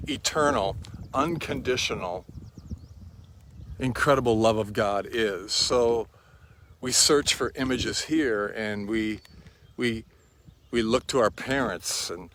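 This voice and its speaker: A man preaching a sermon in a slow, reflective and quietly earnest way. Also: medium pitch.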